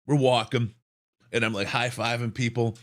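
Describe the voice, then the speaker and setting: A man co-hosting a sports podcast who tells an excited story in a hoarse voice, often repeating words. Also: medium pitch, normal speed. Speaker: podcast co-host.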